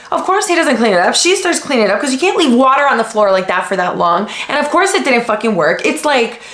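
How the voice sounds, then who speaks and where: A woman's voice: high voice, fast, hardly any pauses. Blunt, swearing American woman. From United States. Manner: blunt, heavy swearing, animated retellings. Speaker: podcast host. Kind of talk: casual commentary. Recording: echoey room.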